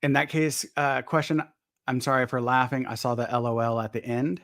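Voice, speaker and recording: A man's voice: medium pitch, flat delivery, brisk, a bit bright, dry recording, studio quality. A man hosting a casual live chat, polite and hesitant, restarting his sentences often. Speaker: host.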